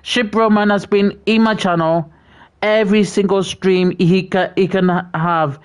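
This British host's mid-range voice is clear and resonant, fairly even in intonation and a little slow. During his relaxed livestream he reads viewer messages and gives shout-outs, often stammering and repeating himself.

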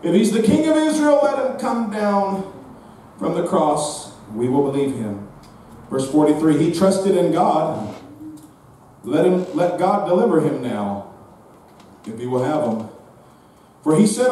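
A man preaching a sermon as pastor in a church, his fervent delivery swinging into shouted, sing-song peaks. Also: fairly high pitch. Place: church sanctuary. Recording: echoey hall from far off.

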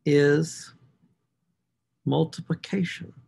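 A man's voice: a little high, extremely slow, creaky, breathy edge. A man teaching a math class, working through equations aloud and stressing key words as he writes. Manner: talks to himself while writing equations, animated emphasis. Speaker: math instructor. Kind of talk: recorded class lecture.

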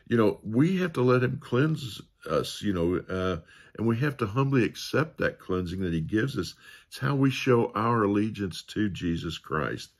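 A man's voice: on the low side, breathy edge. A man giving a casual Sunday school Bible lesson, rambling with many fillers and restarts.

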